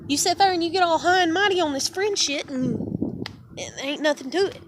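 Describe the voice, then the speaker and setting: A woman's voice: very high voice, fairly quick, noisy background. A woman venting in a heated, profane, rambling monologue. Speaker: vlogger.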